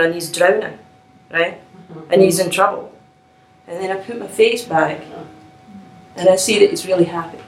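A middle-aged woman telling a personal story in an animated, laughing, self-mocking way. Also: mid-range voice, roomy sound, slight background noise, low-quality recording.

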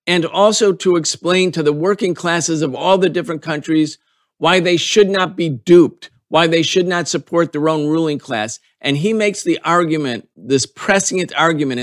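A man hosting a podcast, explaining political history earnestly and building emphasis through repeated phrases. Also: on the high side. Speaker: podcast host.

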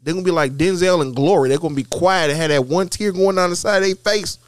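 A man's voice: high-pitched, quick pace, no room sound, studio quality. A man in casual chat, telling folksy tales and insisting on his point.

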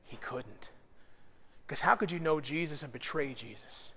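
A man's voice: on the high side, unhurried, bright, forceful tone, husky. A man preaching a sermon as pastor, in a conversational style. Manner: conversational, acts out quoted voices. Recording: long reverb of a large hall.

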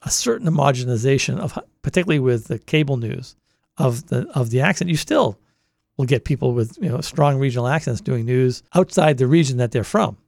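A man's voice: mid-range voice, expressive, fairly quick, gravelly, darkish tone, no echo, studio quality. A man in his sixties with a Boston accent, recalling his years at a college radio station in a rambling oral history interview. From Boston area. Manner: rambling storyteller, many restarts. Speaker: longtime college radio volunteer.

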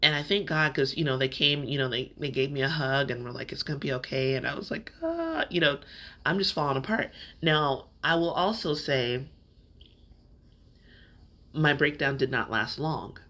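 Sharing something personal on his podcast, this man speaks candidly and reflectively, letting the conversation flow loosely. His voice is bright and forceful, pitched in an ordinary male middle range, at a moderate pace.

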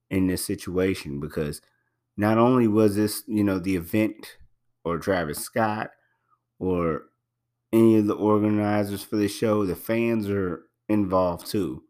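Deep-voiced man, emphatic podcast host. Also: unhurried, darkish tone. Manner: emphatic, repeats himself, many fillers. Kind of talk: casual spoken commentary.

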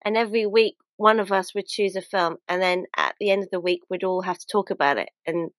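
Woman, podcast co-host, casual rambling film talk, mid pitch, dry. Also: steady tone, brisk, no room sound. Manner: chatty, rambling, trails off and restarts mid-thought.

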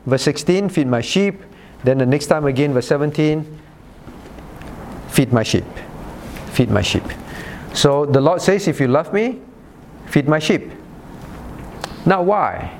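A man's voice: a little high, a little hiss or hum. A man pastor leading a Bible study in sermon style, often asking "right?" and calling on listeners by name. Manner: rhetorical "right?" checks.

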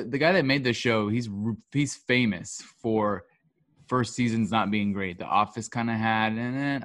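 A man's voice: lowish voice, fairly bright tone, no room sound. A man co-hosting a podcast, chatting casually and rambling through his opinions with fillers. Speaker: podcast co-host. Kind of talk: casual chat.

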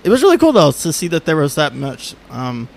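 A man's voice: on the high side, huge pitch swings, brisk, gravelly, a little mellow. A man co-hosting a podcast, telling a story in casual chat with many fillers and frequent laughs. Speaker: podcast co-host.

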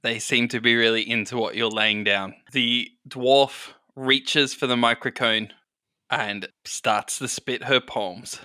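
A man narrates a tabletop game as its game master, with a steady, measured delivery broken by filler sounds. His tone is strikingly bright, and the sound is close and dry. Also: mid-range voice, clean tone, no room sound.

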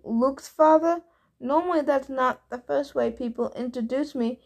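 A woman's voice: high voice, steady tone, normal speed, gravelly. A woman reading a breezy male messenger god. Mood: amused. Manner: breezy and offhand, busy businessman tone. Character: easygoing, fast-talking male messenger god.

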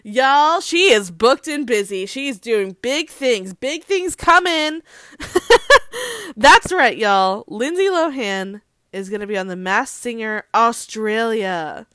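A woman's voice: fairly high pitch, lively intonation, slow, a bit bright, no echo, clean studio sound. A woman hosting casual celebrity gossip talk, chatty, leaning on "like" constantly, with swearing and laughing asides. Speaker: host.

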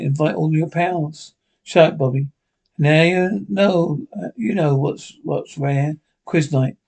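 Men with Scottish accents acting as bickering old male pensioners in a sitcom, trading quick, sweary, deadpan banter. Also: fairly high pitch, vocal fry. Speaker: sitcom characters. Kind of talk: scripted sitcom dialogue.

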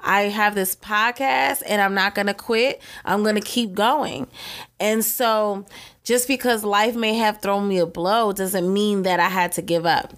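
A woman's voice: mid-range voice, steady tone, measured pace, fairly bright tone. A young woman hosting her own podcast, talking in an effusive, encouraging way and repeating phrases for emphasis. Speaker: podcast host. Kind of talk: motivational solo podcast talk.

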